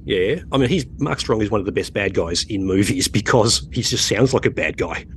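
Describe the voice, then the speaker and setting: A man with an Australian accent, co-hosting a podcast in a jokey, animated casual chat. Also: lowish voice, fairly quick, slight background noise. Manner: jokey, animated, breaks into silly voices. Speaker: podcast co-host.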